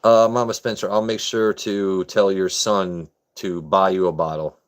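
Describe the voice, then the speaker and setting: A man's voice: deep voice, flat delivery, a little slow. A man hosting a casual livestream, joking and chatting with viewers by name in a laid-back way. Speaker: livestream host. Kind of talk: casual chat with live chat viewers.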